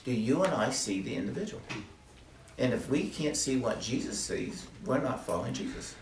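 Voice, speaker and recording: A man's voice: mid-range voice, very animated, normal speed, a little hiss or hum. Earnest older man, roomy and distant. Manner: earnest, preacherly emphasis with repeated phrases. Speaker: ministry speaker. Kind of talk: testimony talk to a small group.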